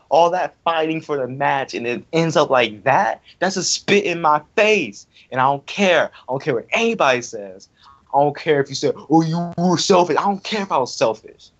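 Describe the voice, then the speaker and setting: A young man ranting angrily in casual talk, repeating himself as he vents about an online wrestling event. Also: mid-range voice. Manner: angry, repetitive, ranting. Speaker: online wrestling league member. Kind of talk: heated casual rant. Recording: dull lo-fi audio.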